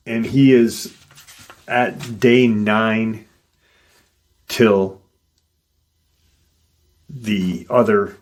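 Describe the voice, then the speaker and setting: Male storyteller, low voice, slow loose delivery, casual with profanity. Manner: unhurried, conversational, with fillers and swearing. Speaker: paranormal story narrator. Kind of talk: casual retelling of a listener's encounter.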